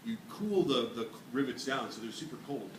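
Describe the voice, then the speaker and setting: A joking male physics teacher demonstrates to his class, voice caught from across an echoey room. Steady noise sits under him. He talks at an average pitch. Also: moderate pace. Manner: playful, jokey, energetic demonstrator. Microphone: camera at a distance. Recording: echoey classroom from far off, noisy.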